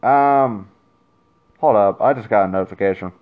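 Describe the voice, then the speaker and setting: A man's voice: lowish voice, normal speed, phone-quality sound. A man giving a casual, frustrated opinion rant as a wrestling fan, full of fillers and restarts, recorded on his phone.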